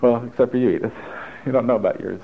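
A male therapist with a medium-pitched, steady voice leads a group workshop at a quick pace, chatty and encouraging, tossing in joking asides. The talk is live before an audience in a stuffy indoor room. The recording sounds tinny and lo-fi, like a phone.

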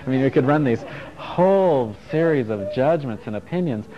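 A man's voice: mid-range voice, lively intonation, normal speed. A middle-aged man teaching a casual self-help workshop to a group, frank and playful, swearing and chuckling as he goes. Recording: dull lo-fi recording with faint music.

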